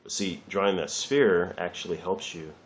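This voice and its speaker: An art teacher with a low-pitched voice gives a casual, rambling drawing lesson as he works, chatting loosely and swearing lightly. He speaks at normal speed, with slight background noise.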